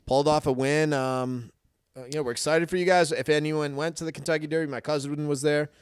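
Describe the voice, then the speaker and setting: A man's voice: on the high side, fairly even intonation, fast talker, smooth, no room sound, clean studio sound. A man co-hosting a casual podcast, easygoing and laughing along as he tells a story. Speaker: podcast co-host. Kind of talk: casual chat.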